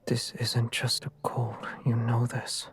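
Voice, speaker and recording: A breathy, whispering feverish young man. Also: medium pitch, completely flat delivery, takes it slowly. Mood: pleading. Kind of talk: whispered role-play.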